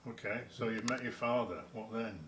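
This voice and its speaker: A man's voice: lowish voice, a little fast, a bit bright. A man interviewing an older speaker for an oral history, prompting him with brief questions. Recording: echoey room, faint background noise.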